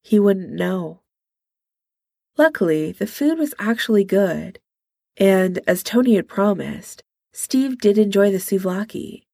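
A woman narrating a story aloud in a measured, quiet way, voicing the dialogue as she reads. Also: medium pitch, gravelly, no room sound, studio quality. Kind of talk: audiobook reading of fan fiction.

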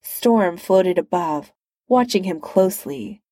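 Woman narrator, slow and mellow, dry close sound, storybook reading. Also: lowish voice, animated, no echo. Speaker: reader. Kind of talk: reading fan fiction aloud.

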